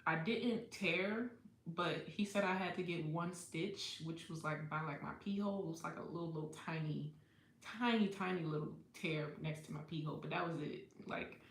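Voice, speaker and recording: A woman's voice: low voice, fairly bright tone, reverberant, a little hiss or hum. Candid, laughing woman telling a story. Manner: candid and profane, laughs often. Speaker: livestream host. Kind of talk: casual storytime chat.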